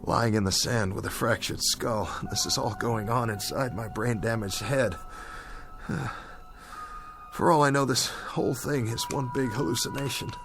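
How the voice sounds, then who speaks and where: An actor playing a stranded, shaken pilot who rambles over the radio in a radio drama, asking himself questions. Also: male voice, on the low side, normal speed, hardly any pauses, close to an everyday voice. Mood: shaken, rambling. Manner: rambling, questioning, half-laughing monologue. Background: music score.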